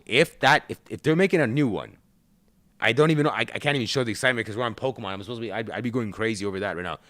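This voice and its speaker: A man co-hosting a casual livestream, excitable and stammering through restarts. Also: medium pitch, racing. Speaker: co-host.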